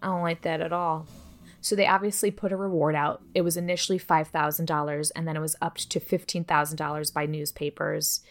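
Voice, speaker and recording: A woman with a somewhat low voice tells a true-crime story on a podcast. She keeps it casual and chatty, cursing freely and slipping in joking asides. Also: level tone, brisk, few pauses. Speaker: podcast co-host.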